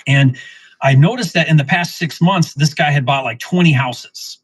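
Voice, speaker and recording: Husky man telling a business story. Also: a little high, moderate pace, dry recording, low-quality recording. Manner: animated, acts out quoted dialogue, frequent restarts. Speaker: real estate investor teaching wholesaling. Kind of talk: casual storytelling lesson.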